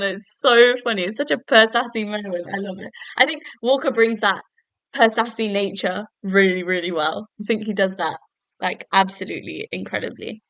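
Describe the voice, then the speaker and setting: A woman's voice: mid-range voice, normal speed, pushed and bright, dry recording. A young woman hosting a solo podcast at home, casually reviewing a TV episode in a chatty way, full of fillers and self-corrections. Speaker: podcast host.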